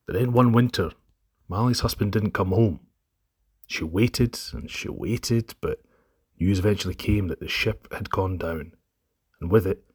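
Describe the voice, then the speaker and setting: A Scottish man narrating a folk tale with a low, husky voice. His telling is lively and expressive. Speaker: storyteller.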